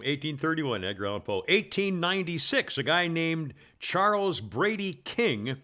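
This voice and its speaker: A man's voice: fairly high pitch, bright, forceful tone. A man hosting a talk radio show, reading this-day-in-history items in a rambling way, full of uhs and restarts.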